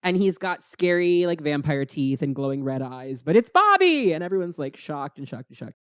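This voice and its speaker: A podcast co-host recaps comics in casual chat, full of fillers and acted-out quotes. The pitch moves a lot, and the sound is dry and close with no room echo. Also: normal speed, clear, resonant tone. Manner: animated, acts out quotes, many fillers.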